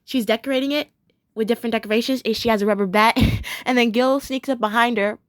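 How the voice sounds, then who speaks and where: A young woman rambles through a cartoon episode recap. She giggles often and gushes in bursts. Her voice sits a little high and sounds dry and close. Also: fairly quick, no room sound. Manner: rambling, giggly, lots of fillers, gushing bursts. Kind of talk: casual recap vlog.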